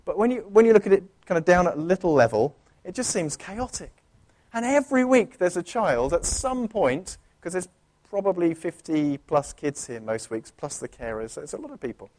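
A man's voice: high-pitched, sing-song, normal speed, a little mellow. A man preaching a sermon in an earnest, conversational way, often restarting his sentences. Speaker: pastor. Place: church.

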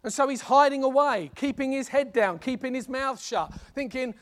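A preacher delivers a sermon in an animated, conversational way, like telling a story. His voice sits high for a man. He moves freely between asides and direct appeals to his listeners. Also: moderate pace.

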